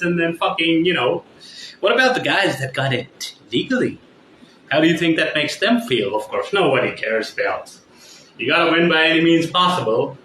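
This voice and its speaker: A high-voiced, bright and forceful man rants on his vlog, rambling and profane. His voice bounces around an echoey room with a faint hum of ambience behind it. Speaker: vlogger. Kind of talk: casual vlog rant.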